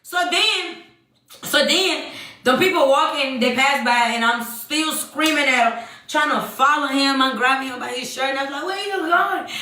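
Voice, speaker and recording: A young woman hosts a live stream, telling a dramatic story in an animated, profane way and addressing her chat again and again. Her voice sits high and sounds bright and sharp. The room adds a noticeable echo. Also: moderate pace. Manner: animated, swears freely, keeps addressing the chat. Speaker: livestream host.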